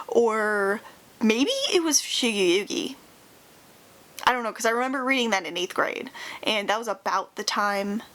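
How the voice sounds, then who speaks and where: A woman's voice: a little high, fairly bright tone. A young woman talking casually to her viewers, rambling through lots of fillers and restarts and sounding wistful and nostalgic, close to tears at times. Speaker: YouTuber. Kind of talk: casual chat.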